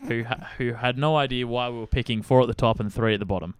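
A man co-hosts a casual sports podcast, and his voice comes through smooth and clear. He jokes, swears now and then and laughs easily. The sound is dry and close to the mic. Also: mid-range voice, fast talker, dry recording. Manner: jokey, swears, laughs a lot. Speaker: podcast co-host. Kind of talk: casual chat.

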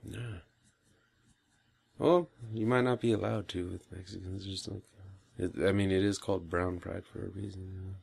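Man, low voice, gravelly, casual podcast banter, headset mic. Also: fairly even intonation, moderate pace, a little mellow. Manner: laid-back, jokey, laughs often. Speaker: podcast co-host.

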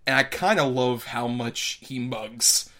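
A young man co-hosting a casual movie-review chat, animated and laughing often, breaking into quick impressions of the characters. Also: medium pitch. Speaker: podcast co-host reviewing a movie.

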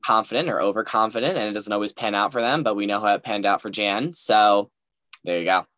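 A man's voice: lowish voice, fast talker, sharp tone, no room sound. A young man co-hosting a casual recap chat, rambling and hedging, often restarting his sentences. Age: young adult. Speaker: co-host.

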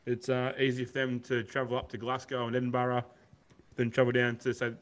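A man's voice: mid-range voice, monotone, fairly quick. A man with an Australian accent co-hosting a podcast, chatting in a rambling, laid-back way and calling his co-host mate. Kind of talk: casual chat.

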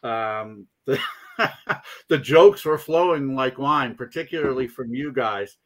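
Male host, mid-pitched, loose storytelling with false starts. Casual online chat show. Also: takes it slowly, a bit bright. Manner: rambling, with many restarts and laughs. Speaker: podcast host.

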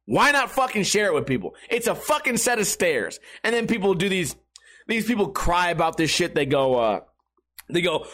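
A man's voice: high-pitched, very animated, moderate pace, a bit bright. A man hosting a podcast, telling a rambling, profane, self-mocking comic story while a bit tipsy. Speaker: podcast host. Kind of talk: casual comedic storytelling.

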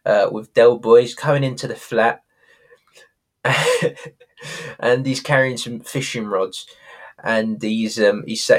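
A man co-hosting a podcast, rambling casually with lots of restarts. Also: on the low side. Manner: rambling, full of restarts and "you know". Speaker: podcast co-host. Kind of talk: casual chat recapping a sitcom.

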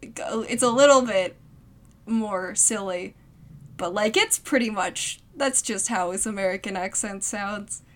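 A woman's voice: mid-range voice, unhurried. A young woman co-hosting a casual comedy podcast, giggly and playful, chatting about sketches with her friend. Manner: giggly, playful, breaks into goofy put-on accents. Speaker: podcast co-host.

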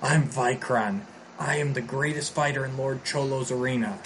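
A man's voice: mid-range voice, moderate pace, a little hiss or hum, natural voice. A man voicing a boastful pit fighter. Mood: indignant. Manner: boastful, indignant.

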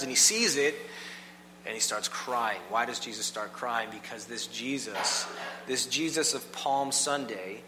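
A man's voice: mid-range voice, pushed and bright. A man preaching a sermon in a church, talking casually and asking the congregation questions. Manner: conversational, asks the congregation questions. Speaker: pastor. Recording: long reverb, faint hum.

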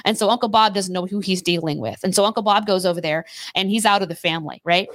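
A woman co-hosting a casual faith discussion, telling stories with emphatic repetition and quick restarts. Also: mid-range voice, fairly bright tone. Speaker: podcast co-host.

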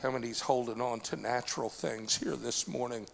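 A man pastor giving a sermon testimony, building from quiet storytelling to shouting, with frequent "uh" fillers. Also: mid-range voice, steady tone, normal speed, creaky, long reverb tail. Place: church.

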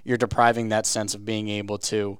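A man co-hosting a casual podcast, relaxed, mostly giving brief agreeing replies. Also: on the low side, a little fast, clear, resonant tone, dry recording, clean studio sound. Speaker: podcast co-host.

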